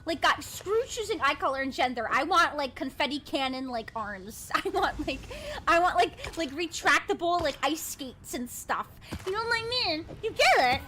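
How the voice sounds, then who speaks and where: A woman chatting on a live stream, excitable and rambling, with frequent swearing and restarts. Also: high voice, moderate pace, background noise. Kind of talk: casual live-stream chat. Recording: loud background music.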